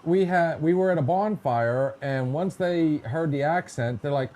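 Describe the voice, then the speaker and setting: A man's voice: a little high, unhurried, few pauses, warm tone. Chatty joking man hosting a podcast. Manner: chatty and joking, mimics voices in quotes. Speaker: podcast host. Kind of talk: casual storytelling chat.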